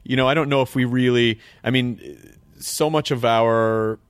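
A man's voice: medium pitch, steady tone, moderate pace, clean tone, dry recording. A man hosting a casual interview, hesitant and joking. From United States. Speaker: host.

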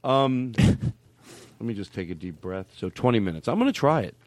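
Male comedy podcast host, animated delivery, dry close sound, laughs through his riffs. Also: on the low side, normal speed, no echo. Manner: riffing, laughing often, trails off. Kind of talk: casual comedic chat.

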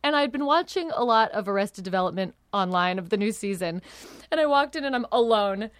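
A woman's voice: mid-range voice, animated, brisk, dry recording. A woman in her thirties, a podcast guest telling stories in casual chat, full of "like" and laughter. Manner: chatty, lots of "like", laughs while telling stories.

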